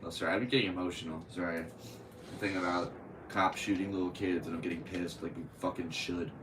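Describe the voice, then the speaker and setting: Low-voiced man ranting over the news. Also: fairly even intonation, quick pace, far from the mic, noisy background. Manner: profane, angry outbursts between news reading. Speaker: podcast host. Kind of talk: casual commentary reading news.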